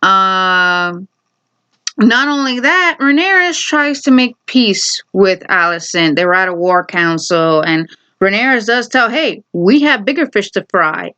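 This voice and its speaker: A woman's voice: medium pitch, lively intonation, bright, forceful tone. Opinionated woman recapping a TV episode. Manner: opinionated, quick asides, quotes characters in paraphrase. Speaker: TV recap vlogger. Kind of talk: casual recap commentary.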